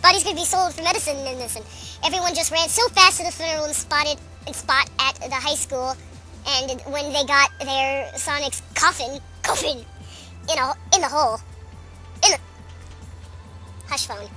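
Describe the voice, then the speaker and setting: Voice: high-pitched, normal speed, pushed and bright. A young storyteller reading a clumsy fan story aloud, mocking the text with exasperated asides. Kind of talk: mocking read-aloud with commentary. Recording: background music.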